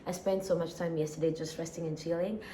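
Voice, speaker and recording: A woman's voice: lowish voice, steady tone, fast, dark tone, a little hiss or hum. A woman with an East African accent, a tired, sleepy daily vlogger chatting casually and rambling, with frequent sighs and laughs. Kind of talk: casual chat.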